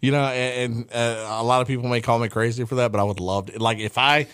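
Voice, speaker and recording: A laid-back man co-hosting a podcast in casual chat, quick to laugh, who also runs the breaks and sponsor plugs. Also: medium pitch, fairly even intonation, a bit bright, clear, resonant tone, no echo. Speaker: podcast co-host.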